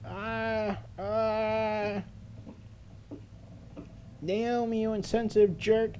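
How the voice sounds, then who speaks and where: A man voicing a heartbroken teenage schoolgirl in a game, talking in a high, strained, emotional voice. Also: little pitch movement, a little slow, dark tone, slight background noise, natural voice. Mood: upset. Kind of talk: reading game dialogue aloud.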